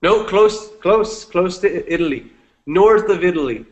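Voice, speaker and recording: A man's voice: high-pitched, moderate pace. A man teaching English one-on-one, patient and encouraging, switching to Spanish now and then to explain. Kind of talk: one-on-one language lesson.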